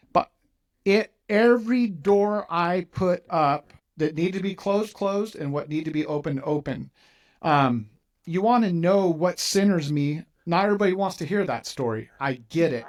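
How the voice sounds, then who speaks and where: A man's voice: high-pitched, normal speed. A middle-aged man hosting an interview, telling a long personal story and acting out the dialogue in it. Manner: animated storyteller, acts out quoted dialogue. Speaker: podcast host, mortgage company owner.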